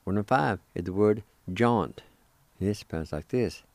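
A man hosting a radio language lesson, spelling words letter by letter and repeating each pronunciation slowly. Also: fairly low pitch, expressive, vocal fry, darkish tone, no echo. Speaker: radio host teaching Cherokee words.

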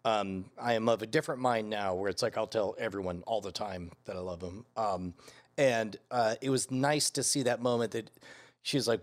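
A man from the United States talking casually about a TV series. He muses aloud in halting sentences full of fillers. His pitch sits in the ordinary middle range. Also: steady tone. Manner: musing, halting, many fillers.

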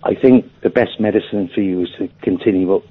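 A man's voice: low-pitched, a little fast, husky. A man calling in to a radio show, earnest and chatty, calling the host mate. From Wales. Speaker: caller. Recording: dull lo-fi phone-in line.

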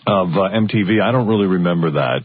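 Husky-voiced joking male radio host. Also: sits low, fast talker, no echo. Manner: joking, animated storytelling. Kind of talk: casual radio talk. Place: radio studio. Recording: dull lo-fi radio broadcast.

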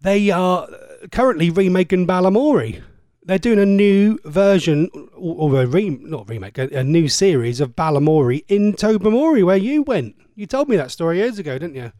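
Cheeky, chatty radio presenter. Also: male voice, high voice, lively intonation, normal speed, warm tone, no echo, clean studio sound. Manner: chatty, cheeky and rambling, with frequent stammered restarts. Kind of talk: casual radio chat reading listener messages. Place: radio studio.

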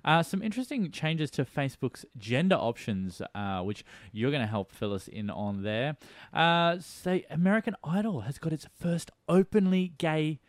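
A man's voice: on the high side, expressive, normal speed, dry recording, studio quality. A man hosting a podcast, chatting casually with playful, teasing banter. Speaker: podcast host.

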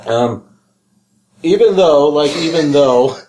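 A man's voice: fairly high pitch, animated, slow pace, a little mellow. A man in playful casual chat, reading texts aloud and laughing often.

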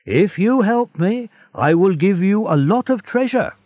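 A man's voice: high-pitched, animated, unhurried, darkish tone, dry recording, highs cut off, voice pushed up. A man voicing a blunt, weary male prison guard with a brusque, matter-of-fact manner.

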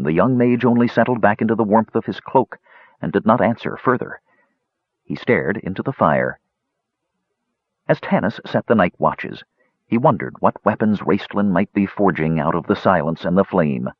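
A man narrating a fantasy audiobook in a measured storytelling manner with animated phrasing. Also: fairly low pitch, breathy edge, no echo. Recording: dull dry lo-fi recording.

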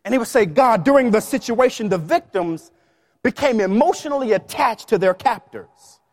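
A man preaching a sermon in a lively, playful way, with quick asides and bits of song. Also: very high voice, big-room sound. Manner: animated preaching with playful asides and sung snippets.

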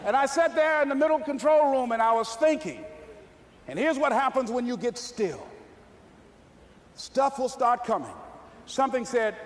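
A man giving a lively, folksy motivational speech to a live audience, telling a story with punchy delivery. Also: extremely high pitch, moderate pace, long pauses, in a large hall. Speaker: motivational speaker.

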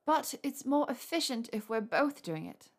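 A woman's voice: fairly high pitch, moderate pace, voice pushed up, close to an everyday voice. A woman voicing a clever, eager young witch who speaks breathlessly and cajoles. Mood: cajoling.

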